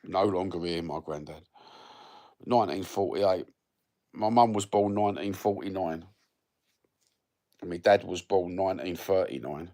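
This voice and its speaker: A man's voice: low voice, moderate pace, pauses often, dark tone. A man, chatting casually with viewers in a rambling, sweary, blokey way. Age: 50s. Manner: sweary, blokey banter with lots of fillers. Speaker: livestreamer reading viewer comments.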